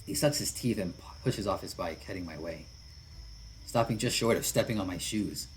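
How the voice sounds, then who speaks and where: A man's voice: deep voice, moderate pace, a little hiss or hum, low-quality recording. A man reading a visual novel aloud, narrating with casual asides and chuckles. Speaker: visual novel let's player.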